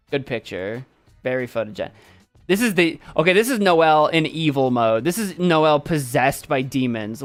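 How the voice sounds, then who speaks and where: A man hosting a stream, casually and playfully commenting on viewers' pet photos and laughing often. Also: fairly high pitch. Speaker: streamer host.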